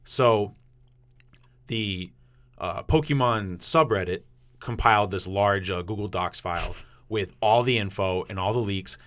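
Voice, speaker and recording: A young man with a New England accent chats casually as a podcast co-host. His voice sits a little low, and he talks in loose, rambling runs, laughing as he goes. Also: unhurried, a bit bright. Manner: chatty, laughs often, trails off and restarts. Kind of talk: casual chat.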